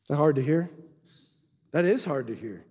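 A man preaching in a church with a high, ringing voice. He drives his points hard, then drops to quiet asides, and the sound trails off in the long reverb of a big hall. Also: expressive, moderate pace, slightly rough. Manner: emphatic, swings from loud exhortation to quiet asides. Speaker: pastor. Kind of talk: sermon.

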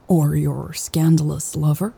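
A woman's voice: sits low, flat delivery, measured pace, creaky, dark tone, husky, exaggerated voice. A woman reading an audiobook and voicing Louise, a wry, affectionate adult woman. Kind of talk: audiobook character voice.

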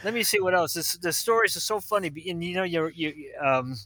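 An older man, a pediatrician, telling funny stories in an animated way and acting out the people in them. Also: high voice, fairly quick, no room sound. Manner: animated, acts out other people's voices, laughs at his own stories. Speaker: guest, pediatrician. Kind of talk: anecdotal storytelling.

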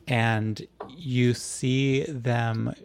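A man narrating as game master of a tabletop game, describing the scene in a halting, drawn-out way. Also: medium pitch, fairly even intonation, a little hiss or hum.

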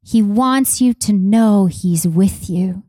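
A woman's voice: medium pitch, slow pace, dark tone, no echo, clean studio sound. A woman pastor from Canada preaching a sermon, passionate and conversational, repeating key phrases for emphasis and speaking directly to her congregation. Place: church.

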